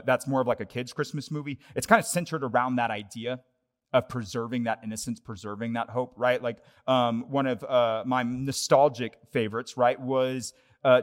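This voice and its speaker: A young adult man, a pastor, preaching a conversational sermon that moves between lively asides and hushed, earnest points. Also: mid-range voice.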